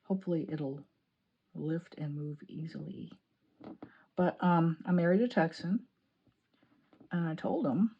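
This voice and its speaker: A woman from Illinois chatting excitedly while decorating her planner, laughing often. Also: on the low side, normal speed, gravelly, slightly rough, highs cut off. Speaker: planning vlogger. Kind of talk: chatty crafting vlog.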